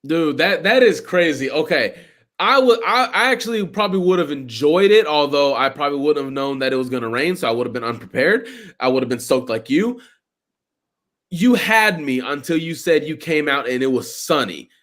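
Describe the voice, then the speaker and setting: A man hosting a podcast chats in an easygoing, casual way. His voice sits fairly high and moves around a lot in pitch. He reacts freely to what he hears. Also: animated, moderate pace, a bit bright. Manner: easygoing, reacts with laughs and short interjections. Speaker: podcast host. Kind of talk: casual chat.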